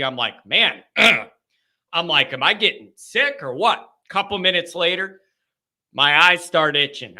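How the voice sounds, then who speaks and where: A man with a very high, piercingly bright voice tells a rambling story on a live call-in show. He swings from low mutters to near-shouts and is loose and profane. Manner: profane, rambling with many fillers. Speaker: host telling a story.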